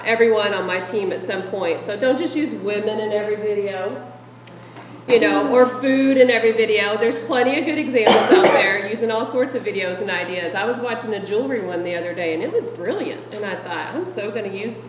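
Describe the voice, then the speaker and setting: Brief: middle-aged woman presenting to a group, chatty and animated, recorded off-mic in an echoey room with the audience audible. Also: mid-range voice, recorded from a distance. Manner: chatty and animated, laughs often. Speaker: speaker sharing meeting ideas with fellow directors.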